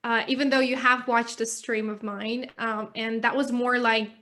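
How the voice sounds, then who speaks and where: Woman with a higher voice, laughs easily. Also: little pitch movement, bright, forceful tone. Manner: candid, quick to laugh. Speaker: English teacher, podcast guest. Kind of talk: casual conversation.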